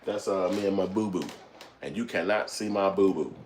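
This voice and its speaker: Deep-voiced laid-back man, profane chat. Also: a little fast, a little mellow, slight background noise. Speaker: channel host reading live chat. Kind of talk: casual live-stream talk.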